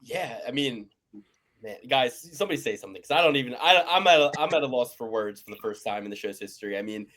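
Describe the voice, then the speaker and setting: A man hosting a podcast, talking casually and haltingly, repeating his words. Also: mid-range voice, animated, a bit bright. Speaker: podcast host.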